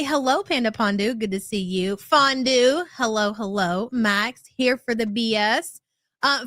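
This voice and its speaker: High, bright-voiced woman streamer. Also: no echo, clean studio sound. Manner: chatty, greets chat by name, profane. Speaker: livestream host. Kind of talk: casual commentary livestream.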